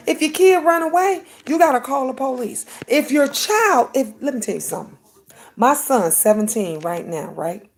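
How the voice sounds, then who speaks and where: A woman's voice: a little high, a little mellow. A woman, hosting a casual livestream chat, emphatic and preachy, talking straight to her viewers. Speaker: livestream host.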